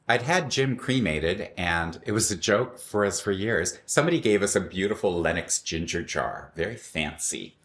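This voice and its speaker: A middle-aged man telling a personal story in a wry, animated way, acting out the voices of the people in it. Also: sits low. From Los Angeles.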